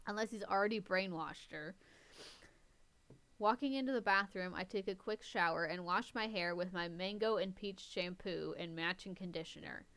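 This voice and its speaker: A woman podcast host with a lowish, somewhat bright voice reads a story aloud at normal speed in a relaxed way. She's wry throughout, pausing now and then to mock the writing.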